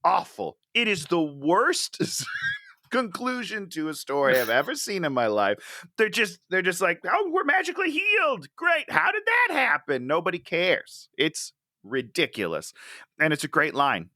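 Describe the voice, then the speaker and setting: A man in a casual movie-review conversation, mocking the story and slipping into exaggerated voices for the characters. His voice is bright and swings widely in pitch. The sound is dry and close. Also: big pitch swings, moderate pace, no echo. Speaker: podcast co-host.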